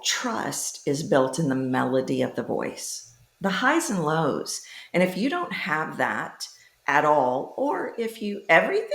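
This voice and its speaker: A woman voice coach speaking emphatically in a podcast conversation, with big swoops in pitch on key words. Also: echoey room. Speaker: voice coach guest.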